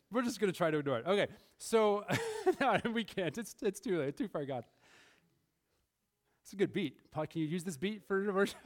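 Lively, high-voiced male preacher. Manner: animated, laughing often, acting out voices of figures. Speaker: pastor. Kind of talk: sermon. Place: church sanctuary.

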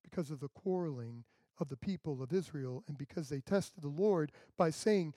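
A man's voice: on the high side, moderate pace, dark tone, dry recording. A male pastor preaching a sermon in a conversational way, acting out the people he quotes.

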